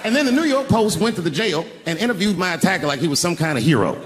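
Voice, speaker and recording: A middle-aged man telling a stand-up story, swinging between hushed asides and loud outbursts. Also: sits high, animated, quick pace, noisy background. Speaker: stand-up comedian. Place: large theater stage. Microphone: stage microphone. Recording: reverberant live theater recording.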